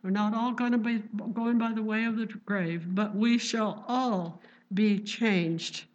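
An older woman preaching a sermon in a gentle, earnest, conversational way, quoting scripture. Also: mid-range voice, steady tone, unhurried. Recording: dull lo-fi recording.

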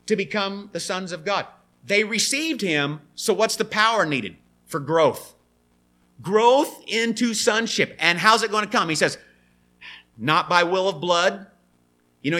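Male preacher, sermon, high voice, bright tone, acts out quotes.

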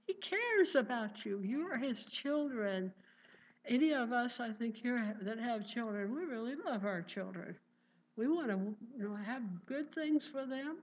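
A woman's voice: fairly high pitch, animated, measured pace. A woman preaching a sermon with fervent conviction and repeated exclamations of praise. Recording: dull lo-fi recording.

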